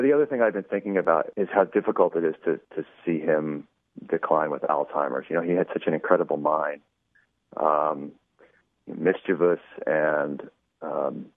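Over a tinny phone connection, a very deep-voiced man who produces a radio show chats as an interview guest. Full of anecdotes, he performs quoted dialogue and says "you know" often. The recording is dry and close, with no room sound.

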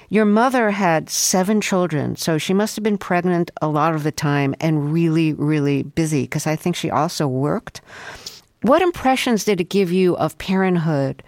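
An interviewer asking plain, measured questions to a guest. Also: medium pitch, no echo, studio quality.

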